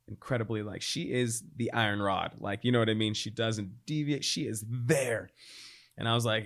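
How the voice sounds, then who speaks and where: A man in his thirties, a podcast guest, telling a personal story in a casual, animated way, acting out quoted voices and laughing often. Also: moderate pace. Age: 30s. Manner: animated, acts out quoted voices with big pitch jumps; laughs often, frequent fillers like "like".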